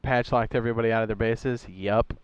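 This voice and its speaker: A man's voice: mid-range voice, fairly even intonation, brisk, clear, resonant tone, dry recording, dull audio. A man hosting his own game live stream, chatting casually, reading viewers' messages aloud and often correcting himself. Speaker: streamer and server host.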